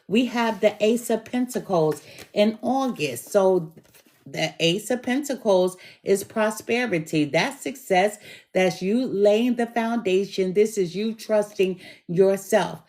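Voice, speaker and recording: Middle-aged woman, tarot reader, hoarse, slow and emphatic, encouraging. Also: medium pitch, darkish tone. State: hoarse from bronchitis, coughing. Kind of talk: tarot reading.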